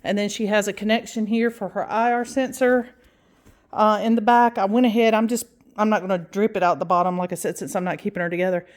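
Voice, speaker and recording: A woman's voice: medium pitch, fairly even intonation, fast. A woman chatting casually and enthusiastically through an unboxing and assembly of a Halloween prop, with frequent fillers.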